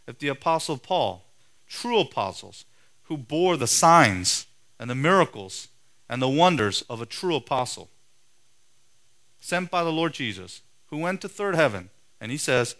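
Forceful male preacher. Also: fairly high pitch, big pitch swings, unhurried. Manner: forceful, emphatic preaching with sharp rises and drops in loudness. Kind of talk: sermon.

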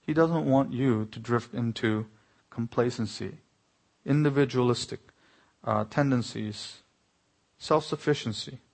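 Male pastor, husky tone, earnest sermon delivery with emphatic rises. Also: mid-range voice, a little slow, pauses often, darkish tone. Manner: earnest preaching, rising to exclamations.

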